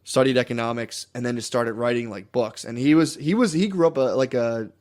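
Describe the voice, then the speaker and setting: A man's voice: mid-range voice, a little fast, a little mellow. Rambling man on a casual podcast. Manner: rambling, loose, with many fillers and restarts. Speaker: podcast co-host.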